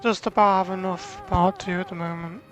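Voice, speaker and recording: A woman's voice: on the low side, steady tone, moderate pace, soft background music. A woman casually commenting on her gameplay, chatty and rambling. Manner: chatty, rambling, self-deprecating.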